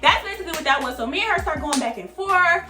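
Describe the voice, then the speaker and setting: Lively high-voiced woman telling a story. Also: fast, reverberant, over music. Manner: slangy, animated storytelling. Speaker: vlogger. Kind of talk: casual storytime.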